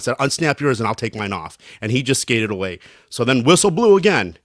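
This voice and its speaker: A man co-hosting a casual podcast, telling a heated hockey story with lively acted-out quotes and rough language. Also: mid-range voice, measured pace, no room sound, studio quality. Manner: animated, acts out quotes, swears freely. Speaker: podcast co-host.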